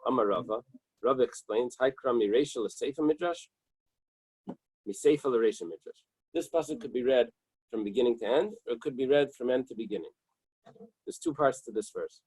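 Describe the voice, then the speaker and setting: A man with a brisk, husky, darkish medium-pitched voice teaches an early-morning Talmud class in a small synagogue study room. He reads Hebrew and Aramaic passages, translates them plainly, and checks in with "right?" and "okay"; the audio is poor but free of echo.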